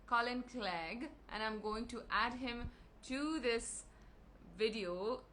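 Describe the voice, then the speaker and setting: A woman's voice: fairly high pitch, slow pace, a bit bright, a little hiss or hum, low-quality recording. A woman hosting an interview show, speaking eagerly and admiringly, with a few stumbles. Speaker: host. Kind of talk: hosted interview chat.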